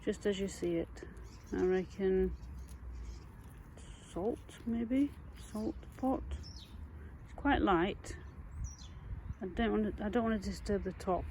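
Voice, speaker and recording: A woman's voice: medium pitch, slow, pauses often, slight background noise, low-quality recording. Chatty Yorkshire woman digging outdoors. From England. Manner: chatty, easily excited, talks to herself and viewers. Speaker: metal detecting vlogger. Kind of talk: casual talk to camera while digging. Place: outdoors in muddy fields.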